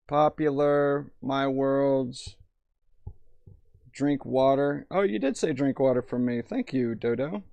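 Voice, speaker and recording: A man's voice: mid-range voice, takes it slowly, gravelly, no echo, lo-fi sound. A young man streaming in VR, tipsy and rambling, swearing freely while reading chat aloud.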